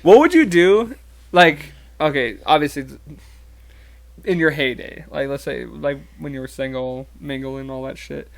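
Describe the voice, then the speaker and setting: A man's voice: fairly high pitch, expressive, measured pace, gravelly. A young man co-hosting a podcast, telling crude stories in casual chat, laughing often and filling his talk with "like". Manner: crude, laughing storyteller, full of "like". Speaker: podcast co-host.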